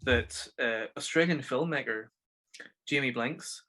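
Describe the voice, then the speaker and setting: A man's voice: medium pitch, unhurried, sharp tone. A Northern Irish man co-hosting a podcast in casual chat, retelling scenes and swearing casually. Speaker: podcast co-host.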